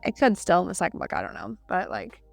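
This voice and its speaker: A woman's voice: on the low side, sing-song, fast, gravelly, darkish tone, dry recording, soft background music. A woman co-hosting a podcast, casually recapping a novel's scenes, full of "like" and quoting characters as she goes. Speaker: podcast co-host. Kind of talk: casual book discussion.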